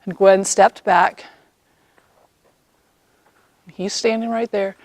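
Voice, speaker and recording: Animated woman telling a personal story. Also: mid-range voice, takes it slowly, dry recording. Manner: animated, acts out quoted lines, laughs often.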